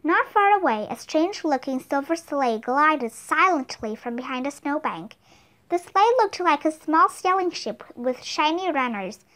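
Bright, high-voiced woman reading a storybook. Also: animated, measured pace. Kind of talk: children's book read-aloud.

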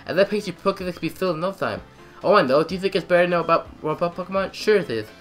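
A man voicing a perky, friendly young girl trainer in a higher, louder voice than his own. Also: very fast, faint music behind, natural voice. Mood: chirpy.

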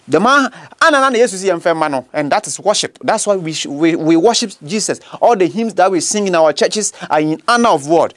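A man with a Ghanaian accent preaching Christian apologetics, emphatic and prone to repeating his declarations for force. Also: sits high. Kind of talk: apologetics preaching mixing English and Akan.

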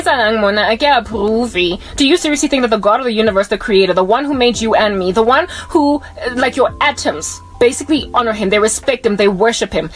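A woman preaching a scolding video sermon in a fiery, sarcastic way. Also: on the high side.

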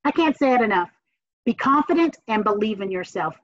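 A woman from the Southern United States with a Southern American accent, a communications professor giving an energetic, encouraging classroom lecture with emphatic repetition. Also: mid-range voice, fairly quick, no echo. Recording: dull, dry lo-fi recording.

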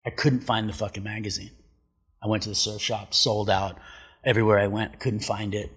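A man's voice: fairly low pitch, little pitch movement, brisk, a bit bright, breathy edge. A middle-aged man telling stories in a casual chat, laid-back, swearing a lot and acting out what people said. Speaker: podcast guest, pro surfer. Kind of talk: casual storytelling. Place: studio.

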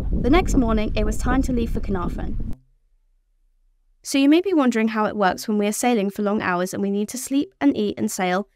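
A woman's voice: mid-range voice, darkish tone, no echo. A teenage girl reading a scripted voice-over for her sailing vlog, in a plain, upbeat storytelling way. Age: teens. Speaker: vlogger.

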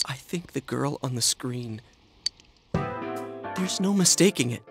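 Yosuke, earnest teen schoolboy. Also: male voice, fairly high pitch, fairly bright tone, exaggerated voice. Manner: urgent, earnest, talks things through. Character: earnest teenage schoolboy, restless and determined. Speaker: voice actor. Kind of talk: video game dialogue.

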